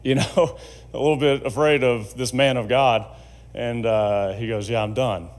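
A man's voice: mid-range voice, fairly even intonation, a little slow. A man speaking at a faith conference, telling his testimony in a conversational storytelling way and acting out the quoted dialogue.

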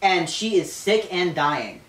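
A woman's voice: on the low side, slow. Woman retelling a story, roomy and distant. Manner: animated, swearing, laughing. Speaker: podcast co-host retelling a novel. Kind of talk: casual storytelling chat. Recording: roomy, off-mic.

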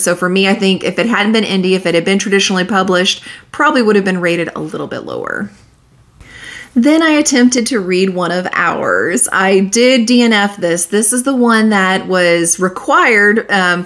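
Brief: young adult woman, book vlogger, candid and chatty, mid pitch, laughs easily. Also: fairly bright tone. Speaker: book reviewer. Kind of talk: casual monthly reading wrap-up.

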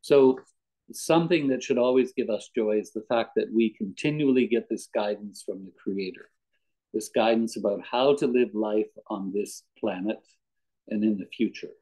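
A man's voice: lowish voice, moderate pace, warm tone, rough recording. A man giving a conversational devotional talk as a guest speaker, mixing anecdotes and readings and chuckling often.

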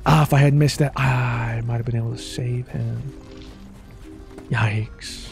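A man commentating his own gameplay as a video host, joking around and breaking into sudden high yelps. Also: steady tone, normal speed, a little mellow, faint music behind. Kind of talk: let's play commentary.

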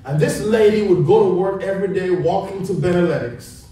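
A man preaching a sermon, telling a funny story in an animated, playful way. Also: high voice, brisk. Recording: echoey hall heard from a distance.

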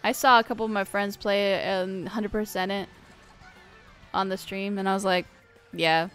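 A woman's voice: mid-range voice, fairly even intonation, normal speed, a bit bright, soft background music. A young woman streaming a racing game, chatting casually and playfully teasing her viewers. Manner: playful, teasing, talks straight to chat. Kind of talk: casual live-stream gaming chat.

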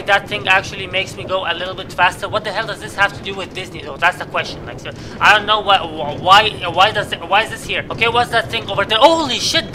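A young man, a native Arabic speaker, giving excitable, swearing commentary while playing a game and reacting loudly to surprises. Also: high voice, background noise. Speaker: gaming YouTuber. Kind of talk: Minecraft let's play commentary.

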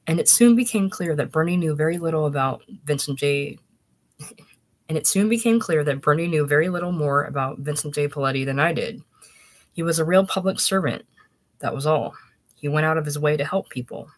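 A man's voice: on the high side, fairly quick, low-quality recording. A man reading a short story aloud in first-person narration, with a dry, wry storytelling manner. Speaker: audiobook reader.

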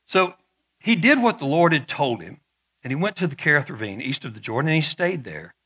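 A middle-aged male pastor delivers a sermon in a casual, conversational way. His voice sits a little high and sounds forceful yet breathy. He drops playful asides and often repeats his words as he goes. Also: very animated, a little fast.

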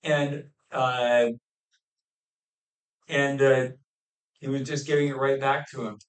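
Halting male preacher in an echoey room. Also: mid-range voice, little pitch movement. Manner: halting, with many fillers and restarts. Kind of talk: expository sermon. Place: church hall. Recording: echoey room, mic at a distance.

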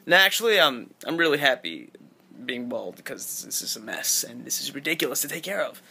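A man's voice: medium pitch, very animated, brisk, creaky, sharp tone, breathy edge. A young man hosting a casual vlog to the camera, goofy, playful and self-mocking. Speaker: vlogger.

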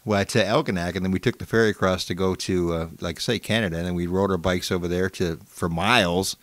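A man in his fifties from Michigan hosts a casual chat, rambling through his stories and laughing easily. His voice sits on the low side. The sound is close and dry. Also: steady tone, fast, fairly bright tone, no room sound. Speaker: host.

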